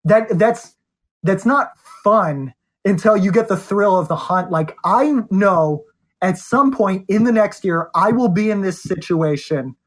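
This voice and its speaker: A man talking at a rapid, caffeinated clip as a guest on a podcast. He pushes hard with rhetorical questions and challenges, driving home each point about study and confidence. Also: high-pitched. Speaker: poker coach, podcast guest. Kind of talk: animated conversation.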